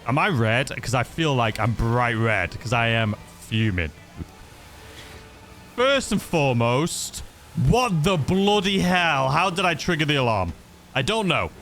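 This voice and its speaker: Rambling man, bright lively voice. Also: medium pitch, faint music behind. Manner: rambling, self-mocking, quickly frustrated. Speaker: gaming YouTuber. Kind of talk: casual gameplay commentary.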